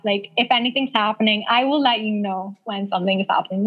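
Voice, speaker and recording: An interview guest in her thirties rattles through a personal story fast, barely pausing, in a mid-range voice. Chatty and laughing often, she leans heavily on "like" as a filler. The sound quality is dull and lo-fi.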